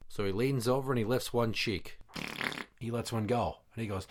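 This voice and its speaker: A man's voice: mid-range voice, normal speed. A man hosting a comedy podcast, telling crude old jokes in character as an exasperated, foul-mouthed dad. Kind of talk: comedic joke-telling skit.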